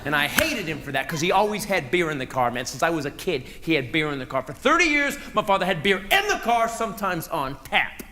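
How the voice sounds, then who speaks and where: A man performing a stand-up routine, telling wry family stories with quick punchlines on a live stage. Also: a little high, very animated, over a noisy crowd. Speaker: stand-up comedian. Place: live comedy stage before an audience. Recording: loud noise over live stage audio.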